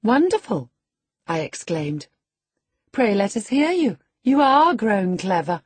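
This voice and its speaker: A woman voicing a spirited, proud young woman who tells her story in a lively, scornful way. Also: mid-range voice, takes it slowly, breathy edge, pitched above the performer's own voice, exaggerated voice. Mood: animated.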